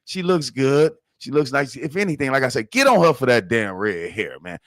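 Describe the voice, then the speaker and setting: A man's voice: medium pitch, big pitch swings, normal speed, a bit bright, dry recording, clean studio sound. A man with a Chicago accent hosting a podcast, giving loose, profane, rambling news commentary. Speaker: podcast host.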